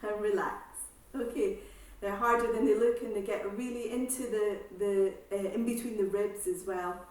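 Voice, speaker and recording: A woman exercise instructor calmly guiding a seated breathing class, with slow breath cues and counting. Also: medium pitch. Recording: echoey room, voice from far off.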